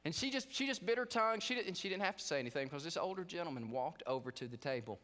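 A middle-aged male preacher delivers a chapel sermon with a fairly high, wildly swinging voice. He tells stories animatedly, tripping over restarts as he goes. The hall adds a long, ringing reverb. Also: very fast. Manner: animated storytelling with stumbling restarts. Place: seminary chapel.

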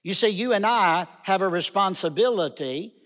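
A man's voice: high voice, animated, normal speed, a bit bright. A man preaching a sermon in a chapel, emphatic and repeating key phrases for stress. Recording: long chapel reverb.

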